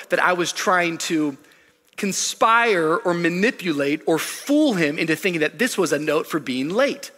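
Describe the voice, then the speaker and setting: A male pastor tells a story in an animated, humorous sermon. His voice is bright and a bit husky, set slightly high. It carries the long reverb of a big church hall. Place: church stage.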